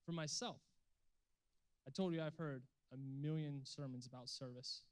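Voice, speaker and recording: A man's voice: medium pitch, steady tone, moderate pace, poor audio. A young adult man giving an earnest, emphatic sermon to a youth group, ending with a call to pray and commit. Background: instrumental music.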